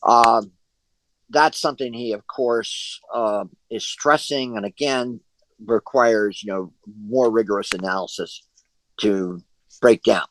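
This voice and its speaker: A man's voice: fairly low pitch, takes it slowly, fairly bright tone, low-quality recording. A man leading an online discussion group over a video call, talking at length with many fillers and restarts.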